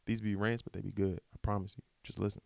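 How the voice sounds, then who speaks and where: A man talks straight into a close, dry mic, his pitch swinging lively up and down as he rambles through a slangy pep talk. His voice sounds smooth and resonant. It has the loose, casual flow of a podcast host riffing on his own. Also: fast, no echo. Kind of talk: casual motivational monologue.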